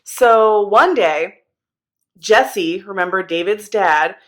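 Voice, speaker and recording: A woman telling a Bible story to kids in a chatty, slangy, animated way. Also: mid-range voice, slow pace. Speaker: children's Bible teacher.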